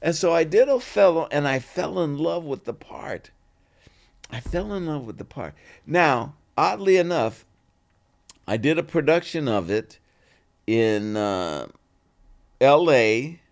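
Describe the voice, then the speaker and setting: Older man, guest actor, interview storytelling, lively pitch, mid-range voice, acts out dialogue.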